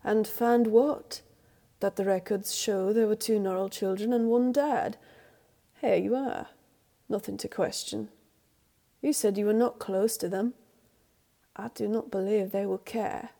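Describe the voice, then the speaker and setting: A woman voicing a calm, firm male servant who speaks in a steady, reassuring way. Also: mid-range voice, unhurried, gravelly, pauses often.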